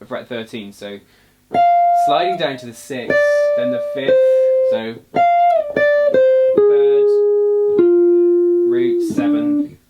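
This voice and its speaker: A man teaching jazz guitar in a relaxed, casual way, explaining notes while he plays and counting beats aloud. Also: mid-range voice, measured pace. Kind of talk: casual music lesson. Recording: loud guitar under the voice. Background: guitar playing.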